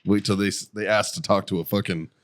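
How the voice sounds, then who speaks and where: A man co-hosting a casual podcast, swearing often and telling animated stories with a deep voice. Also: fast talker. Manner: profane, animated storyteller. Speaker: podcast co-host.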